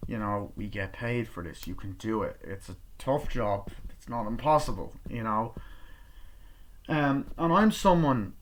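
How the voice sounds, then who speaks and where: A young man giving a casual, excited movie review, swearing freely and acting out lines from scenes. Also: on the low side, unhurried. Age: young adult. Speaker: film reviewer.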